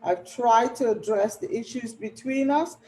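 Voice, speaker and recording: A woman's voice: a little high, a little slow, darkish tone, a little hiss or hum, low-quality recording. A woman hosting a talk show, affirming her guests and reading out viewer comments. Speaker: host. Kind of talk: conversational talk show discussion.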